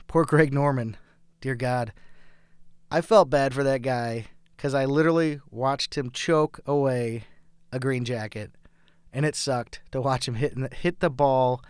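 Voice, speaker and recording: A man's voice: on the high side, smooth, no echo, clean studio sound. A young adult man hosting a casual sports talk show, chatty and enthusiastic, rambling through his picks.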